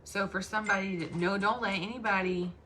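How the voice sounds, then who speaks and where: A woman's voice: medium pitch, steady tone, brisk, sharp tone, a little hiss or hum. A woman with a Southern US accent, chatting casually to her sales team and calling them y'all. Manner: chatty, addresses listeners as y'all.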